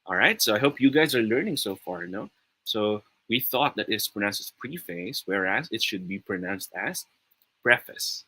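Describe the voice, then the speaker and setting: A young Filipino man runs a lively online pronunciation class, upbeat and encouraging, sometimes slipping into Tagalog. His voice sits fairly low, yet it comes across bright and a touch husky. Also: normal speed, poor audio. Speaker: online tutor. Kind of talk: live online pronunciation lesson.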